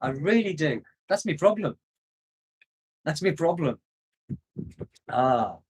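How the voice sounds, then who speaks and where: Older british guy rambling on about the old days in a livestream, laughs a lot, voice sits a bit high. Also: sing-song, takes it slowly, darkish tone, husky. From United Kingdom. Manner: rambling, nostalgic, laughs often. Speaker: expat vlogger reading live chat. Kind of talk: casual livestream chat. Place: home in the Philippines.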